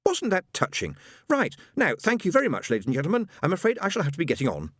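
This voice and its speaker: A man's voice: a little high, wildly swooping pitch, fast talker, a bit bright, breathy edge, no echo, studio quality, voice pushed up, exaggerated voice. A man voicing a fussy, pompous male angel who speaks through a medium in a prim, testy way.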